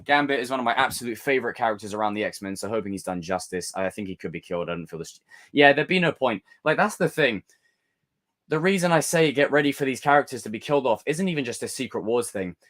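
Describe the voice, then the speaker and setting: Male streamer, casual chat with viewers, theatrical, pitch swinging widely. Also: fast talker. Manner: theatrical, animated rants. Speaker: livestream host.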